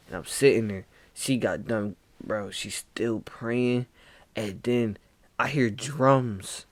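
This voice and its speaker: A young man casually telling a spooky dream story, acting out lines with sudden whispers and shouts and calling the listener "bro". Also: on the low side, dry recording. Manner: slow, dramatic, acts out quoted lines with whispers and shouts.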